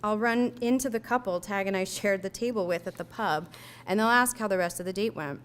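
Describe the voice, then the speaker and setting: A young woman reading her own personal essay aloud, telling it in a measured, reflective way. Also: mid-range voice, slight background noise. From United States.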